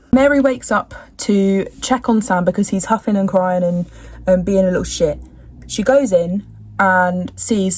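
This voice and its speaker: A woman's voice: medium pitch, darkish tone, no echo. A young woman in casual chat recapping a TV episode at home, rambling with slangy, jokey asides. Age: young adult.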